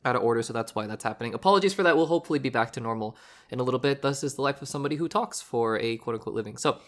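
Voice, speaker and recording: A man hosting a solo movie podcast, hoarse from recently losing his voice, talking in a rambling, animated way with frequent restarts. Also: mid-range voice, very fast. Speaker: podcast host.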